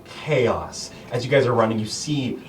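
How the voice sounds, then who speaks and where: A man's voice: mid-range voice, a little slow. A man narrating as game master of a tabletop game, rambling with many fillers. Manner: rambling, filler-heavy, laughing often. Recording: distant mic, faint noise.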